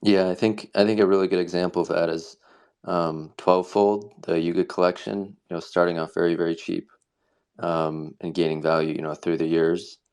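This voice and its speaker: A man's voice: low voice, little pitch movement, normal speed, a little mellow, clear, resonant tone. A man speaking as a guest in a casual podcast discussion, laid-back with dry humor.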